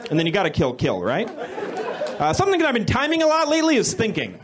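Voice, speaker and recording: Awkward deadpan young male comic. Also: high voice, a little fast. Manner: awkward deadpan, self-correcting, builds to shouting rants. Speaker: stand-up comedian. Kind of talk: stand-up comedy set. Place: comedy club stage. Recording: live club recording with crowd laughter.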